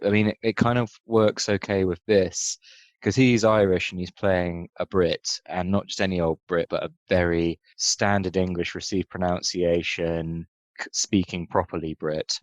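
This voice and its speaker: A man co-hosting a casual film podcast, wry and quick to laugh, who drifts into tangents. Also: sits low, no echo, dull audio. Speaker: podcast co-host.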